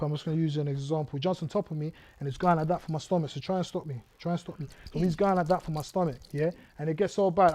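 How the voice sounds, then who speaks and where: A man whose voice is a little high and a little mellow gives his testimony as a guest speaker before young listeners. He narrates his life vividly, dramatizing scenes and drawing the audience in.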